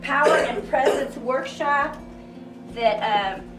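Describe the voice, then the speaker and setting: A woman coaches a group through a workshop, encouraging them and leading them through breathing drills. Her voice sits fairly high. She is picked up from a distance in a crowded, echoey room, with music playing behind her. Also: slow pace. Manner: encouraging, leads group exercises, loud counting drills. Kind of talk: live workshop talk to a group. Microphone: far room recording.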